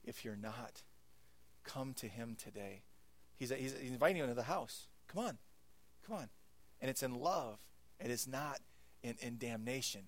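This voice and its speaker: A male pastor preaching a sermon in an earnest way, swinging between hushed, intimate lines and loud, emphatic ones. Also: medium pitch, lively intonation, normal speed, long pauses, dry recording.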